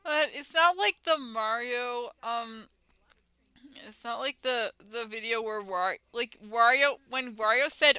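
Talking slowly in a slightly high voice that's sharp and clean, with no echo, this woman co-hosts a podcast. Her casual chat rambles, packed with "um" and "like," and she keeps starting her sentences over.

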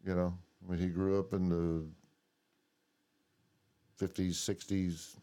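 Low mellow dude rambling and cussing on a late night podcast. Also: male voice, flat delivery, takes it slowly. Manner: profane, rambling storyteller. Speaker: podcast co-host. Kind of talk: casual late-night chat.

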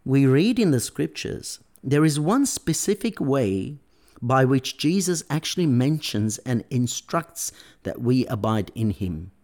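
A man's voice: mid-range voice, very animated, a little slow, darkish tone. A man preaching a sermon, emphatic and stressing key words. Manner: emphatic, varying pace and stress.

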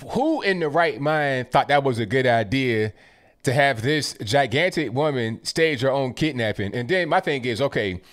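A man giving casual, sarcastic commentary to his viewers, animated and mocking, often stammering and repeating words. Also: medium pitch. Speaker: political commentary streamer.

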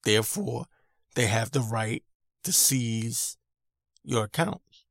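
A man's voice: medium pitch, expressive, slow pace, creaky, fairly bright tone, dry recording. Irritated man ranting in a dry room. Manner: irritated, emphatic, repeats himself. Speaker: podcast host. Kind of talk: opinion rant monologue.

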